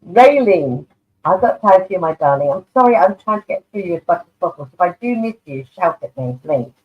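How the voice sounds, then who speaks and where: Calling viewers darling, an affectionate, chatty tarot reader does live online card readings. She speaks fairly quickly in an expressive, fairly low voice that comes through the video stream narrow and tinny, like a phone line.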